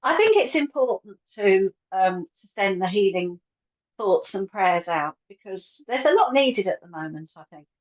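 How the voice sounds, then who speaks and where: A woman's voice: mid-range voice, animated, normal speed. A woman co-hosting a live morning chat show, chatty and greeting viewers by name. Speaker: co-host and medium of a live psychic show. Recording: dull lo-fi sound.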